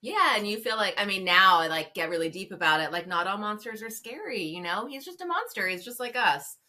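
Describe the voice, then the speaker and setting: A woman's voice: medium pitch, lively intonation, brisk, sharp tone. A woman hosting a livestream interview, asking questions in a friendly, chatty way. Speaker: livestream host. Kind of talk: hosted interview.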